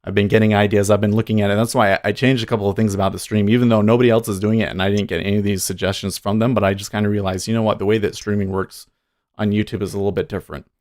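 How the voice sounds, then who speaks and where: A man's voice: fairly low pitch, flat delivery, rapid-fire, darkish tone. A man chatting casually on a live trading stream, rambling and chuckling often.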